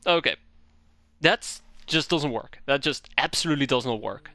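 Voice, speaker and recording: A man's voice: normal speed, bright, forceful tone, no room sound. A man streaming a game live, giving exasperated commentary. He repeats himself, swears now and then, and his voice jumps up when something goes wrong. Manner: exasperated, complains aloud, voice jumps high when upset.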